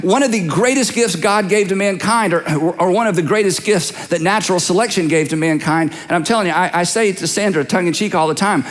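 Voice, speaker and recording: A man's voice: sits high, fairly bright tone, long reverb tail. A man preaching a sermon as a pastor, talking conversationally and teasing listeners with direct questions. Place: large church auditorium.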